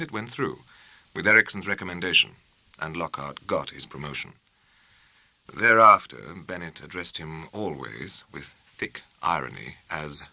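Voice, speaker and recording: A man, narrating a novel in a measured, clearly spoken audiobook reading. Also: low voice, bright, forceful tone, dry recording, low-quality recording. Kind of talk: scripted narration.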